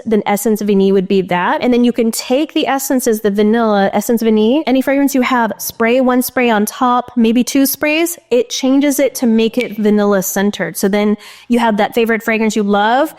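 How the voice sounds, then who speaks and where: A woman's voice: fairly high pitch, darkish tone. Chatty woman presenting her fragrances. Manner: enthusiastic and chatty, addressing viewers directly. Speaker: beauty brand founder presenting her fragrances. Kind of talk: casual product presentation to viewers.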